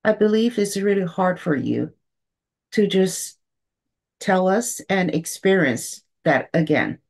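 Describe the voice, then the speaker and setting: A woman host whose first language is Chinese, asking interview questions in a gentle, sympathetic way. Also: fairly low pitch, animated, slow. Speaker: forum host.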